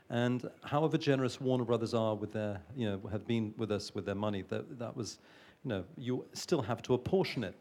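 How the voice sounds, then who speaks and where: A male producer speaking at a panel, his voice sitting at an ordinary middle pitch. He talks thoughtfully and haltingly, often restarting his sentences. His tone is easy and conversational. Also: darkish tone. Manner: thoughtful, hesitant with frequent restarts. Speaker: film producer. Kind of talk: panel talk.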